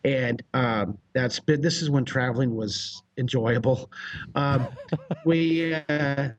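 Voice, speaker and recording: An American man, a drawing teacher, telling a story as a guest with exuberant energy, laughs and shouted sound effects. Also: medium pitch, slow pace. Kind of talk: animated storytelling.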